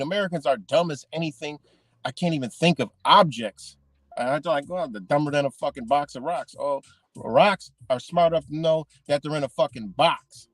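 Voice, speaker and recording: A man's voice: medium pitch, a little mellow, no echo. Profane ranting man, dry close sound. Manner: heated, profane, repeats himself. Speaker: vlogger.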